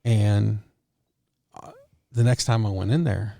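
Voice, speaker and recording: Gravelly low-voiced man telling a story. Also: slow pace, no echo. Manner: relaxed storyteller who acts out quoted dialogue. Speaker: podcast co-host. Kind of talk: casual storytelling chat.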